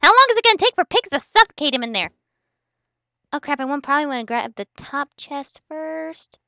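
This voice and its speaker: A woman commentating her own game casually, excitable and playful, with yelps and teasing trash talk. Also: high voice, a little fast, gravelly, no room sound. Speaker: gaming channel host.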